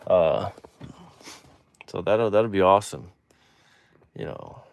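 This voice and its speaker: A man's voice: low voice, very animated, takes it slowly, creaky, dry recording. A man from Texas with a Texan accent hosts a live stream in casual chat, rambling easygoingly and trailing off with lots of "you know" asides. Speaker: host.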